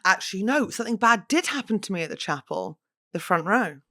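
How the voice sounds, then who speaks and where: A woman's voice: medium pitch, sing-song, brisk, a bit bright, no room sound, clean studio sound. A young English woman hosting a podcast, chatting and telling stories in a self-mocking way, a little hungover. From England. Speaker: podcast host. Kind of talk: casual chat.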